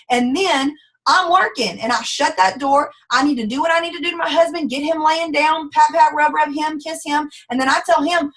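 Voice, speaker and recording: A woman's voice: high voice, normal speed, poor audio. Sassy woman giving a pep talk. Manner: sassy, folksy and animated, acts out quoted voices. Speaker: network marketing team leader. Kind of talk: motivational business training talk.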